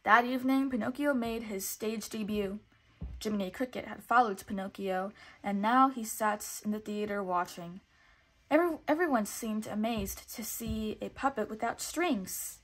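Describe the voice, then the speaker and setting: A woman, a teacher, reading a children's storybook aloud in a clear, expressive way. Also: mid-range voice, normal speed. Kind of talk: storybook read-aloud narration.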